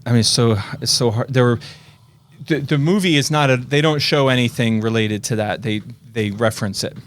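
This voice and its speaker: A man's voice: mid-range voice, fairly quick. A man hosting a film podcast, talking casually and enthusiastically about movies. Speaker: podcast host. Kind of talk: casual chat.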